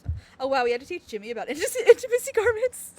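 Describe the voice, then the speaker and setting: A woman streaming a game, chatting casually and reading its text aloud with frequent giggles. Her voice sits fairly high and swings widely in pitch. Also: sing-song, fast, a little mellow. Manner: chatty, giggly, laughs often.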